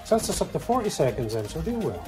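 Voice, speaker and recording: A man's voice: on the high side, big pitch swings, very fast. A man, a father, chatting casually to his viewers in a family vlog and calling them guys. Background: background music.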